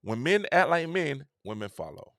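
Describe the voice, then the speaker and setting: A middle-aged man, hosting a casual opinion monologue with an animated, repetitive, preacher-like cadence. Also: a little high, moderate pace, no room sound, studio quality. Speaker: host.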